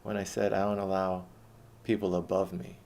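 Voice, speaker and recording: Deep gravelly man telling a story. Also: little pitch movement, moderate pace, a little mellow. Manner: blunt, rambling, retells conversations. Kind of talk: personal storytelling monologue.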